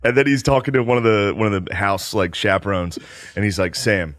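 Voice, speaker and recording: A man's voice: on the low side, brisk, slight background noise. A man in his thirties telling funny stories in a casual podcast chat, breaking into laughing impressions. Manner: animated storytelling, bursts into loud laughing impressions. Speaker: comedian guest.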